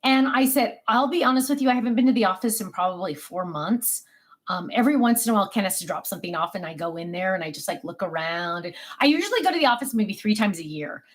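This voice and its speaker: A woman's voice: animated, quick pace. A middle-aged woman casually chatting on a home craft livestream, reading viewer comments and rambling with many ums. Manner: calls out to her dogs in a high sing-song voice. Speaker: livestream host of a craft channel. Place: home office.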